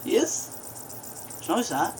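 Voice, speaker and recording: A woman's voice: measured pace, darkish tone, slight background noise. A woman doing horror game commentary, jumpy, breaking into screams and laughs at the scares. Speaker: gaming video host.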